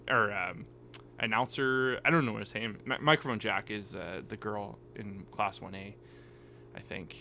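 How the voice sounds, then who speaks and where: A man's voice: lowish voice, normal speed, bright, forceful tone, a little hiss or hum. A man co-hosting a casual anime podcast, rambling and hesitant, often trailing off and starting again. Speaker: podcast co-host. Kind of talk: casual chat.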